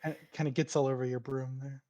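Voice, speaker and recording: A man running a tabletop game as game master, narrating with frequent laughs and halting restarts. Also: mid-range voice, little pitch movement, mellow.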